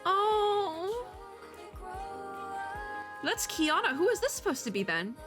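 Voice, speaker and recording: Brief: lively, higher-pitched woman VTuber, chatty reaction talk, soft music underneath. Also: fairly quick. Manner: excitable, chatty, gushing reactions. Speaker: VTuber reacting to an animated short. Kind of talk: casual reaction commentary. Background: faint music from the video.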